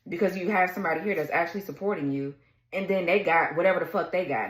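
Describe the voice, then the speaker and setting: A woman's voice: on the low side, roomy sound, low-quality recording. A woman giving a tarot reading in a blunt, heated rant, cursing freely and laughing between her words. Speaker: tarot reader. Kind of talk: casual ranting tarot reading.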